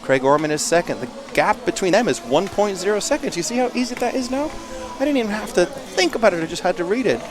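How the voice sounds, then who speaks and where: A man commenting live on a race in a chatty, self-deprecating way, with excitable bursts. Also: high voice, fast talker, hardly any pauses, over music. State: a little out of breath.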